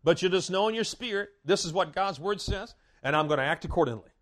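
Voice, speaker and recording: A man preaching a sermon in a folksy way, with repeated phrases, stammered restarts and loud declaring. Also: high-pitched, lively intonation, quick pace.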